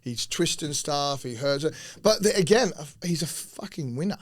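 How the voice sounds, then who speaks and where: A man with a slightly higher-than-usual voice rambles through sporting yarns on a podcast. He swears freely, stumbles and restarts, and breaks into laughter partway through his sentences. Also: lively intonation, moderate pace. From Australia. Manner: profane, rambling, often laughing mid-sentence. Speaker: former rugby league player, podcast guest. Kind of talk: casual podcast chat, telling stories.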